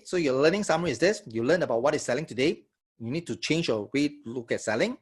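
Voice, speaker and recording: Husky-voiced man teaching sales. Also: fairly high pitch. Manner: energetic, checks in with audience often. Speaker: sales trainer. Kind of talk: live online workshop teaching.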